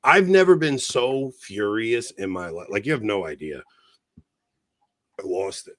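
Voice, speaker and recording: A middle-aged man on a casual podcast, telling an animated story that grows heated. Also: lowish voice, measured pace, no room sound. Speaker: podcast co-host.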